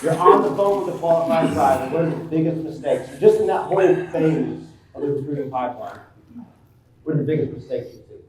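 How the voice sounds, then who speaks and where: An upbeat man hosts a live panel before an audience, his voice set a little high. He sounds distant from the mic in a roomy hall. A faint hiss sits under the sound. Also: fairly quick, darkish tone. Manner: upbeat, reads cheesy joke lines. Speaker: host. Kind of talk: hosting a live panel show.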